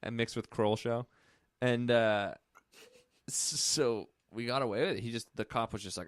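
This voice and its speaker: A man's voice: mid-range voice, steady tone, moderate pace, smooth, no echo, studio quality. A young man co-hosting a podcast, telling a rambling story in casual chat and swearing freely. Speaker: podcast co-host.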